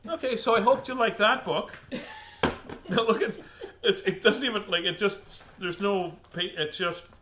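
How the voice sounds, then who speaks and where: A man's voice: high-pitched, normal speed, pushed and bright, a little hiss or hum. A middle-aged man hosting a casual book reading, rambling and laughing as he gets sidetracked. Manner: laughing, chatty, easily sidetracked. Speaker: host reading children's books aloud.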